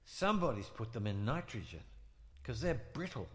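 Brooklyn accent, man playing a gruff money-minded partner, exasperated, middle pitch, long reverb. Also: big pitch swings, normal speed, close to an everyday voice. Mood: alarmed. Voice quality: blunt, exasperated, bossy. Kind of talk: improvised comedy audio drama.

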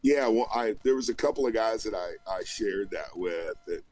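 A touring musician being interviewed over a remote call, telling a long story in a chatty, rambling way with many restarts. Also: male voice, lowish voice, lively intonation, normal speed, a little mellow, no room sound, soft background music, rough recording. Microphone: remote call connection.

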